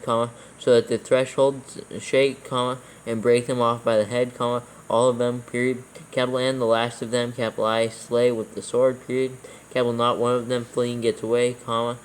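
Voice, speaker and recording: A man reading scripture aloud word by word for proofreading, calling out every comma and capital letter in a steady, even way. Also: medium pitch, slight background noise, poor audio. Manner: steady, even reading, calls out punctuation marks. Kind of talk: dictating text with punctuation.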